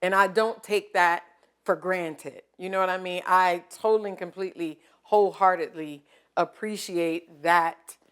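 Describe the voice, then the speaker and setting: A woman chef hosting a casual interview, telling stories in an animated way and laughing often. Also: lowish voice, moderate pace, clear, resonant tone. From American South.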